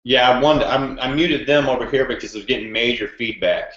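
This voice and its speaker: A man's voice: mid-range voice, a little fast, fairly bright tone. A man running the call audio, explaining a feedback problem apologetically. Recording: echoey muffled room audio.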